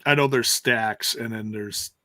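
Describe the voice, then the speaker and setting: A man's voice: lowish voice, measured pace, sharp tone, no room sound. A man co-hosting a podcast, chatting casually and jokingly about wrestling. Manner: chatty, jokey, laughs often. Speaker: podcast co-host. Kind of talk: casual wrestling recap chat.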